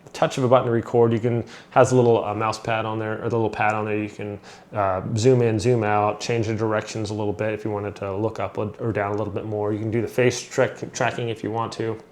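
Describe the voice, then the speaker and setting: A man's voice: on the low side, flat delivery, fast, darkish tone, slight background noise. A man giving a casual product review to his viewers, upbeat and rambling, with lots of fillers and restarts. He is losing his voice a little. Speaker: tech reviewer.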